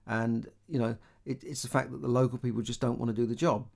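A middle-aged man with a Cockney accent talks through a casual monologue on money and opportunity. He rambles a little and keeps restarting, with a lot of "you know" along the way. His pitch sits in the ordinary middle range for a man. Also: steady tone, fast, creaky, darkish tone. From London, England. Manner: rambling, conversational, many fillers and restarts. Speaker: money advice host.

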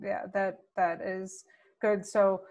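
Supportive woman interviewer, mid-pitched. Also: flat delivery, a little mellow. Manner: supportive, encouraging, quick to agree. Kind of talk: casual conversation.

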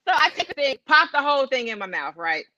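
A woman co-hosting a podcast, telling a profane, animated story in casual chat. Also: high-pitched, fast talker, dry recording, dull audio. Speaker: podcast co-host.

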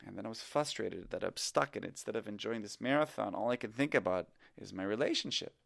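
A middle-aged man tells a confessional story with a very low voice and a gravelly edge of fry. He speaks in a reflective, candid, self-critical way, like an improv teacher thinking out loud. The recording is close and dry. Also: lively intonation, brisk, no room sound.

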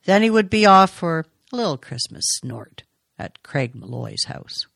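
A woman with a lowish voice reads a novel aloud in a measured, expressive way. Her intonation rises and falls widely, and the recording is dry and close, with no room sound. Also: creaky, no echo. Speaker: audiobook reader. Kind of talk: scripted narration of a novel.

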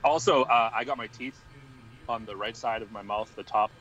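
A man's voice: on the low side, normal speed, fairly bright tone, muffled recording. A young man co-hosting a wrestling podcast in casual chat, rambling and laughing often as he talks. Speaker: podcast co-host.

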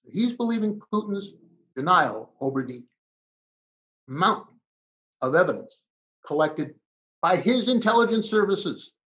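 A man arguing emphatically as a guest commentator, with dramatic pauses in a heated political debate. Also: high voice, sing-song, a bit bright. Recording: slightly dull lo-fi audio.

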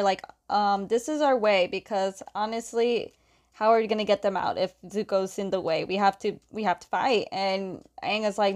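A woman casually retelling a comic story, stringing quotes together with "and he's like" and laughing now and then. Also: mid-range voice. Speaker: comic book recapper.

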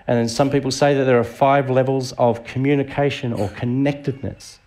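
A man's voice: mid-range voice, fairly even intonation, moderate pace, darkish tone. A middle-aged Australian man preaching a sermon in a conversational way, asking the congregation questions. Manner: conversational, asks the audience rhetorical questions. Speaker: visiting preacher.

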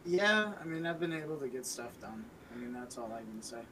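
Young man, podcast co-host, hesitant, halting delivery, faint background hiss. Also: medium pitch, animated. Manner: hesitant, many ums and uhs, trailing off. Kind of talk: casual podcast chat.

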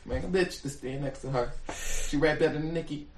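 A man talking as a podcast guest in casual chat, animated with loud bursts. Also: fairly high pitch, a little fast. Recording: echoey room, faint noise.

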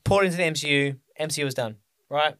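Man, middle pitch, dry close sound, rambling co-host who loses his thread. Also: very fast, fairly bright tone, clear, resonant tone, no room sound. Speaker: podcast co-host. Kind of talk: casual chat about films.

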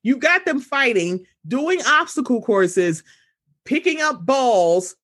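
A woman co-hosting a podcast in casual chat, animated and profane, often slipping into mocking voices of others. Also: on the high side, slow pace. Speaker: podcast co-host.

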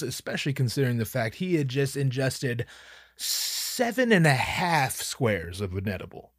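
Animated, profane male storyteller. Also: medium pitch, dry recording, clean studio sound. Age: young adult. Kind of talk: personal anecdote storytelling.

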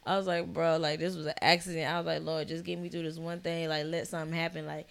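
A young woman in casual chat, expressive and swearing, laughing as she tells a story. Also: deep voice, fast talker, creaky.

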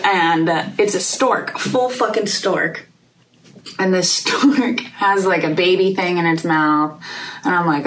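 Young woman, lowish voice, rambly chat, kinda far from the mic, faint hiss. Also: unhurried, fairly bright tone. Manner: rambling, lots of "like" and swearing. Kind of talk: casual chat.

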